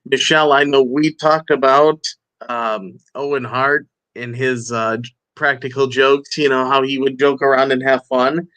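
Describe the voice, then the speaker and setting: A man's voice: medium pitch, fairly even intonation, unhurried, fairly bright tone, no room sound. Hesitant man hosting, dry sound. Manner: hesitant, full of fillers. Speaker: podcast host. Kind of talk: interview.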